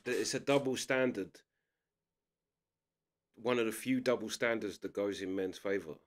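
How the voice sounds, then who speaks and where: A man's voice: low-pitched, no echo. A man giving casual commentary while reacting to clips, chatty and always checking you follow him. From England. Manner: chatty, keeps asking "do you know what I mean".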